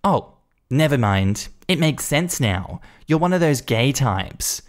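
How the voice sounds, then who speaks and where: A man voicing an entitled, condescending woman neighbor in a shrill, scornful voice. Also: big pitch swings, takes it slowly.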